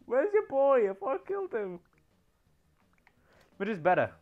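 A man giving excitable live commentary on his game stream, yelling and laughing as he teases other players. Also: extremely high pitch, a little slow, narrow, tinny audio, soft background music.

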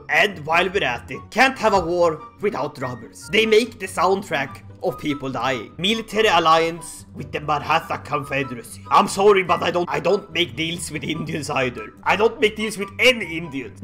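A man's voice: sits high, bright, forceful tone. A young man doing comedic gameplay commentary, playful and jokey, slipping into silly voices. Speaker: gaming YouTuber.

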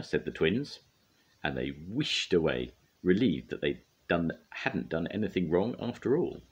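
An older man, a grandfather, reading a children's storybook aloud in a gentle, expressive way. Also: sits low, unhurried, slight background noise.

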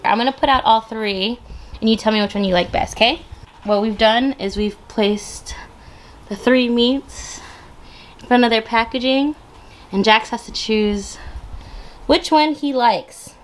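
A woman's voice: a little high, unhurried, long pauses. A woman casually unboxing a pet subscription box, chatting in a coaxing sing-song baby-talk voice to her dog, with gasps and laughs along the way. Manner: gasps and laughs as she chats.

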